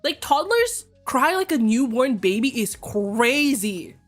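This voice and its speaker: A young woman streaming, talking casually and candidly, swearing freely and breaking into excited shrill outbursts. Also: takes it slowly, soft background music. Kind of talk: casual chat.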